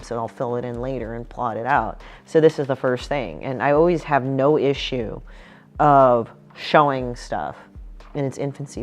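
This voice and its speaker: A woman with a very deep, darkish voice chats about her book as a comic artist. She's blunt and swears a lot, often mimicking the people she quotes from her stories.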